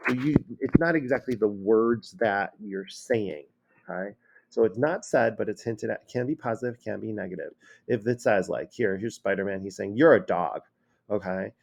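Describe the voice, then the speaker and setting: A male high school teacher giving a casual classroom lecture, acting out example phrases in different tones. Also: normal speed, vocal fry, noisy background. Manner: casual, acts out quoted phrases with shifting tone.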